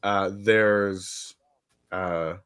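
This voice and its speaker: Man, co-host, deadpan, very slow, lowish pitch, dry mic. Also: clean tone, dry recording. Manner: slow, rambling, deadpan jokes. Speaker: podcast co-host. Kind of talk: casual chat.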